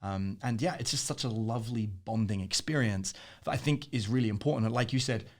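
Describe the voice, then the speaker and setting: A man in a casual interview, an animated storyteller who laughs often. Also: fairly low pitch, a little fast. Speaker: interview guest.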